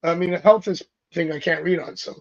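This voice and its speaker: A man's voice: fairly high pitch, fairly even intonation, a little fast, vocal fry, highs cut off. A man talking as a psychic tarot reader in a casual interview, rambling along and acting out the lines of the people he quotes. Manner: rambling, acts out quoted dialogue.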